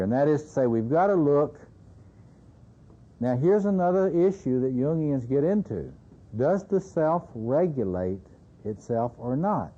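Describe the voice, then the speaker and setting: A man's voice: medium pitch, warm tone. A man giving a seminar lecture in a conversational way, often checking in with his audience. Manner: conversational, keeps checking in with "you see". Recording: dull lo-fi lecture tape.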